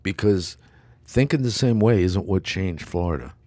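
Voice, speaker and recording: A man's voice: low-pitched, expressive, moderate pace, a little mellow, no echo. A middle-aged man, a podcast guest talking bluntly and emphatically, swearing and acting out quotes. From New York. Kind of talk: casual chat.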